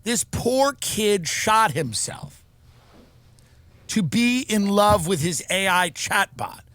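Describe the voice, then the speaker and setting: A male podcast host delivering a sarcastic, animated comedy rant. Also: high voice, slow pace, slight background noise.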